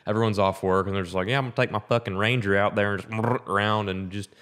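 A young man co-hosting a casual chat, talking in a profane, animated rant. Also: on the low side, fast. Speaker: podcast co-host.

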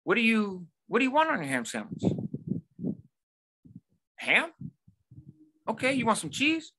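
A man voicing a nervous teenage boy at a sandwich counter, asking rapid-fire questions. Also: sing-song, sharp tone, husky, full character voice, poor audio. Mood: eager. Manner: rapid, high-pitched questioning.

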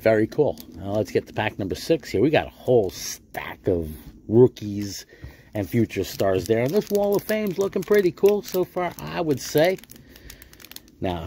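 A man's voice: low voice, warm tone, slight background noise. A middle-aged American man, chatting casually and jokingly as he opens packs of cards, repeating his words. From United States. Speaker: card collecting YouTuber. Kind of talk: casual pack-opening commentary.

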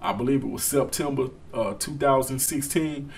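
A man's voice: mid-range voice, moderate pace, gravelly, a little hiss or hum. A man hosting casual boxing commentary, talking straight to his viewers with emphasis.

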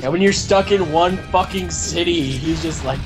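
A podcast host ranting in a casual comedic style, excitable and profane, often bursting into shouts. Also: mid-range voice, moderate pace, hardly any pauses, soft background music.

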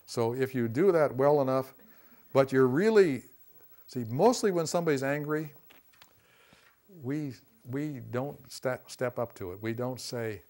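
A man teaching a class on communication, folksy and conversational, often saying "see" and "you know" and acting out quick quotes. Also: mid-range voice, a little mellow. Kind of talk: classroom lecture.

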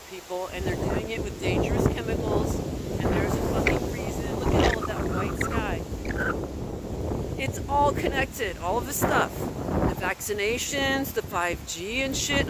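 Furious older woman ranting in the wind. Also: on the high side. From Oregon, USA. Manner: furious, profane, shouting at viewers. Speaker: vlogger. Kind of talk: angry outdoor phone rant. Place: outdoors in a strong windstorm, walking. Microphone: handheld phone filming the sky. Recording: loud wind buffeting the phone mic.

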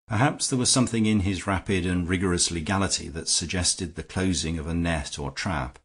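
Deep-voiced husky male audiobook narrator. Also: a little fast, hardly any pauses. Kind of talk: scripted narration.

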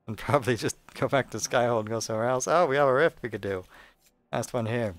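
A man's voice: mid-range voice, quick pace, dry recording. A man giving casual, sarcastic, rambling commentary while playing a video game. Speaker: let's play host.

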